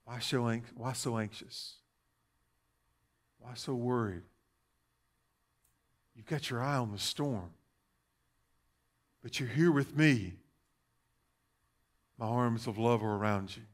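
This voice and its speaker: A man preaching, softly voicing Jesus as a calm, gentle man who speaks in a hush. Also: medium pitch, slow, pauses often, close to an everyday voice. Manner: soft, hushed, reassuring.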